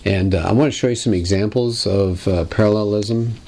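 A man's voice: lowish voice, fairly even intonation, a little fast, darkish tone. A man teaching a lesson on biblical poetry, asking wry rhetorical questions in a conversational way. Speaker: Bible teacher.

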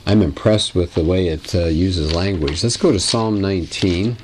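Man, very low voice, Bible lesson, wry rhetorical questions, conversational, faint room hum. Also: normal speed. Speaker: Bible teacher. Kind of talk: lecture on biblical poetry.

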